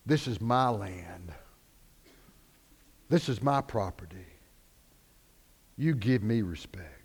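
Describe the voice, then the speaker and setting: Brief: God from the burning bush, low and solemn, as a male preacher puts it on. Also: lively intonation, slow, slightly rough, exaggerated voice. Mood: commanding. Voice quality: low, grave. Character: God speaking from the bush, commanding. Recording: echoey hall.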